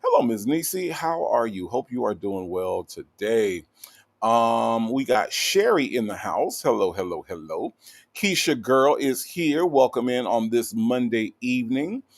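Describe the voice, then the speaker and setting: Male livestream host, joking and animated, chatty comment-reading delivery. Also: medium pitch, unhurried. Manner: animated, playful, with lots of "okay?" tags and fillers.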